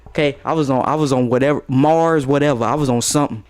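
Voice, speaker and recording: A young man telling a casual storytime tale in a lively, slangy way, laughing as he goes. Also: medium pitch, quick pace.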